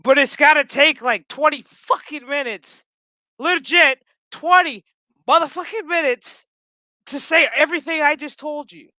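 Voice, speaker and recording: A woman in her thirties recapping a TV episode in a casual, animated rant full of swearing. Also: high-pitched, unhurried, no room sound. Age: 30s. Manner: ranting, heavy swearing, animated.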